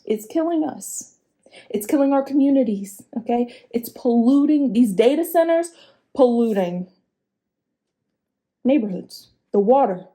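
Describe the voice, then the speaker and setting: A woman vlogger offers frank, chatty, opinionated commentary, laughing and swearing along the way. She speaks unhurriedly with frequent pauses, using lively pitch swings for emphasis.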